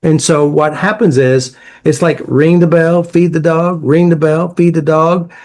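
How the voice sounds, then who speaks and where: Speaking at a measured pace with a steady, slightly high and a little mellow voice, this emotional therapy coach illustrates his ideas with stories about clients. He's direct and repetitive, firing off ideas in short bursts.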